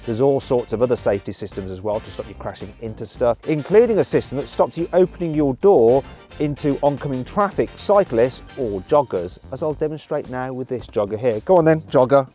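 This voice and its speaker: A British man presenting a car review from in and around the car, upbeat and playful. His voice sits at an ordinary middle pitch, with faint music under it. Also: lively intonation, a little fast, mellow. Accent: British English. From English Midlands.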